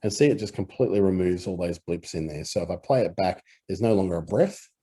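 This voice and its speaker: Male tutor with an Australian accent, relaxed walkthrough, low and husky. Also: fast talker. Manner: relaxed explanatory talk with fillers. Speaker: audio editing instructor. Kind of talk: screen-recorded software tutorial.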